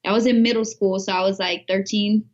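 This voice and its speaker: A woman's voice: mid-range voice, steady tone, brisk, lo-fi sound. A woman co-hosting a podcast in casual chat, bashful and giggly as she tells a story. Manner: giggly and bashful, laughing while telling a story. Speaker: podcast co-host.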